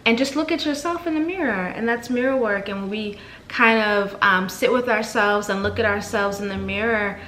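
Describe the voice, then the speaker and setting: A woman hosting a podcast, reading soft repeated affirmations and then chatting casually and excitably. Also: medium pitch, normal speed, hardly any pauses, echoey room, a little hiss or hum. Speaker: podcast host. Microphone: desk mic with camera.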